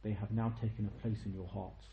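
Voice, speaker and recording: A young man giving an informal religious lecture, telling a story with lively asides and checking questions to his listeners. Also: lowish voice, fairly quick, reverberant, dull audio, slight background noise. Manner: animated storytelling, tag questions, quotes in Arabic. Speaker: teacher of a history lesson.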